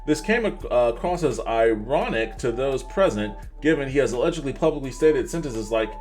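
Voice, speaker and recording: A man's voice: mid-range voice, lively intonation, normal speed, a little mellow, faint music behind. A man hosts a livestream podcast in a mid-range voice, reading articles aloud and breaking off for wry asides. His delivery is loose and conversational, with frequent restarts and stumbles over names. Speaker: podcast host.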